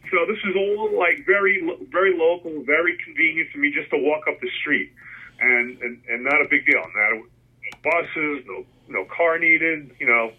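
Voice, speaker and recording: Middle-aged Jersey man, husky and a bit high, rambling storyteller, phone-line sound. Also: moderate pace. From New Jersey, USA. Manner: rambling, many restarts, animated when quoting himself. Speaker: guest, concert photographer. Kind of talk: casual storytelling interview.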